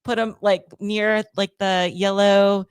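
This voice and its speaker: Brief: female co-host, relaxed chatty delivery, mid-pitched voice, dry close mic. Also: slow, clean tone, no room sound. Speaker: podcast co-host. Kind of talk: casual chat.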